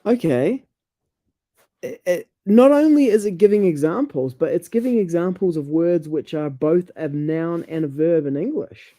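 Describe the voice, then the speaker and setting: This co-host of a scripture study show has a fairly high, animated voice with a dark tone, heard at normal speed in a dry recording. He chats casually about pronunciation and word stress, curiously reading explanations aloud and exclaiming in surprise.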